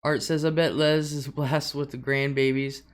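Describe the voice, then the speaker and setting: A woman's voice: sits low, level tone, moderate pace. Chatty woman host. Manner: chatty, laughs often, drawls some words. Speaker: livestream host. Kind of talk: casual livestream chat reading comments.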